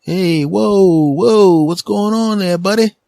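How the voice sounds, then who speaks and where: A squealing, excitable store clerk, put on by a man, who piles on exclamations and compliments in a loud, high voice. His gushing rises far above a normal speaking pitch and doesn't let up. The sound is close and dry, with no room around it. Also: takes it slowly, creaky, dry recording, heavily acted.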